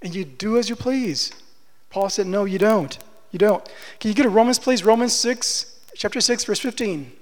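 Male preacher, high voice, impassioned delivery, long hall reverb. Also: moderate pace. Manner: impassioned, rises to emphatic declarations. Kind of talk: expository sermon.

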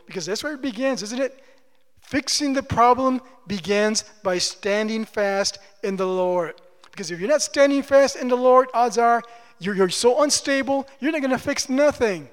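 Male pastor, high voice, emphatic pleading sermon, big echoing hall. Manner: pleading, emphatic preaching with slow drawn-out phrases.

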